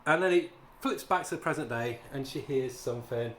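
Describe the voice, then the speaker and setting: A man's voice: medium pitch, fairly quick, a bit bright, slight background noise. A man giving a casual spoken comic book review, ranting in a sarcastic, exasperated way. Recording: echoey room.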